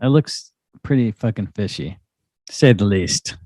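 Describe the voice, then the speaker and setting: A man's voice: on the low side, animated, unhurried, dark tone, no room sound. A man from Idaho co-hosting a podcast in casual profane chat, dry and laid-back with wry asides. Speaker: podcast co-host.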